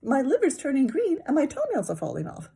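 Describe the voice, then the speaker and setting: A woman voicing a bratty, chatty little boy in a high, playful sing-song. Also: wildly swooping pitch, a little fast, creaky, dark tone, heavily acted.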